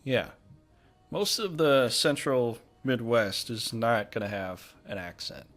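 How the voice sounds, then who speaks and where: Man, casual chat, relaxed explaining, faint music behind. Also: medium pitch, slow. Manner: easygoing, explaining with fillers. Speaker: podcast host.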